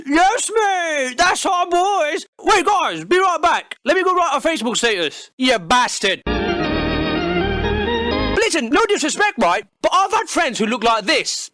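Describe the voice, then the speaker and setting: A man with a strikingly high, squeaky voice tears into his target in a profane, mocking comedic rant. His pitch leaps around with lively energy, and the bright, edgy tone sits close and dry with no room around it. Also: no room sound. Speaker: channel host.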